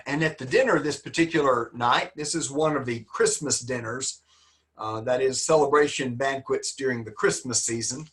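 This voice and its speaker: A man's voice: medium pitch, moderate pace, a bit bright. Folksy man teaching a class. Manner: folksy, joking, encouraging. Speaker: literature teacher. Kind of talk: online class lecture.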